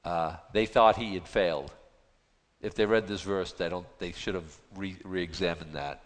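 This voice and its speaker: Folksy pastor. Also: male voice, low-pitched, steady tone, moderate pace. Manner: conversational, reads scripture aloud, folksy asides. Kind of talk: informal Bible-study sermon. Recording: long hall reverb.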